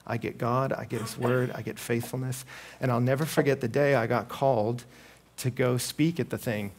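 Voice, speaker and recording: A man, preaching a sermon to a live audience and telling stories animatedly, acting out the voices of the people in them. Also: moderate pace. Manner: animated storytelling, acting out quoted voices with big pitch jumps.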